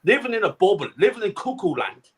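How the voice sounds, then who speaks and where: A middle-aged man tears into a furious, profane rant as a fan-channel co-host. His voice sits high and leaps all over the place as he shouts. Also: sing-song, quick pace, poor audio. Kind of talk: angry ranting fan commentary.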